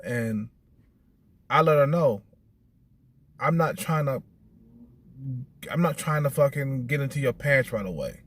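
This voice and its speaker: A middle-aged man talking casually and bluntly, swearing often and repeating "you know what I'm saying," his voice climbing high and animated when he retells others' words. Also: measured pace, long pauses, no room sound. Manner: animated, rising high when quoting texts. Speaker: vlogger. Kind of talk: casual monologue.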